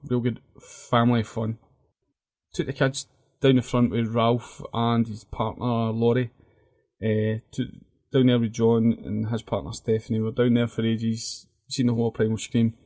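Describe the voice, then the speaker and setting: A man's voice: mid-range voice, normal speed. Scottish man telling a story. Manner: animated storyteller, swears freely. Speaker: podcast co-host. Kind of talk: casual banter.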